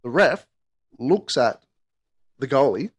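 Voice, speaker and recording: A man telling a rambling, sweary story in casual podcast chat. He acts out the people he quotes in higher voices. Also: expressive, slow, breathy edge. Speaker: podcast co-host.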